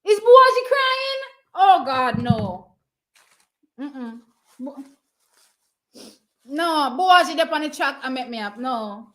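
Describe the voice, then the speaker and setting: A Jamaican woman hosting a livestream watch party, giving emotional, excitable race commentary and casual chat. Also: high voice. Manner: emotional, excitable, quick to cheer.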